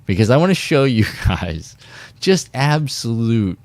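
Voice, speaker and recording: Animated man telling a rambling story. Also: mid-range voice, a little slow, no room sound. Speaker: fishing podcast host. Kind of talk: casual storytelling podcast.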